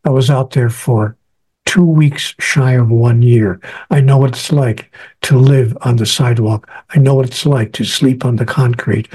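A man's voice: mid-range voice, darkish tone, husky. A man being interviewed as an author, telling a personal story earnestly and acting out the lines he quotes. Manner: earnest, acts out quoted speech.

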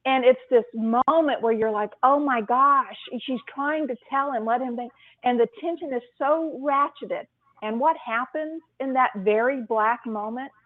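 A woman co-hosting a writing podcast who talks casually and retells story scenes with lively emphasis. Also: on the high side, dry recording. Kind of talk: casual chat. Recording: tinny phone-line sound, dry.

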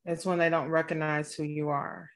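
A woman hosting an interview, with a slightly low voice for a woman. She backs up her guest with frequent affirming replies and asks thoughtful follow-up questions. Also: level tone, normal speed. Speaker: host. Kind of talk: interview talk.

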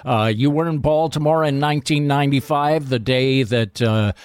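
A man hosting an interview, asking measured questions with formal introductions. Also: medium pitch, clean tone, no echo, studio quality. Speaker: interview host. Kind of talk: radio interview.

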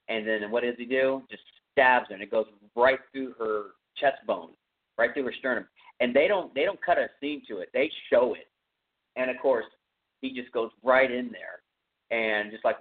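Rambling man on a tinny line. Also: mid-range voice. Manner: rambling, many fillers, conversational. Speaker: podcast host. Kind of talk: casual film recap. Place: home room with a cat. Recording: phone-like narrow sound.

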